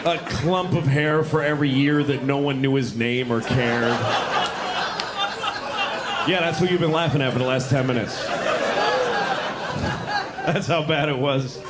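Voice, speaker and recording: A man from New York doing a deadpan stand-up routine on a club stage, now and then jumping into high mimicry. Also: measured pace, pauses often. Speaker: stand-up comedian. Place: comedy club stage before a laughing crowd. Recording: live club recording, crowd noise.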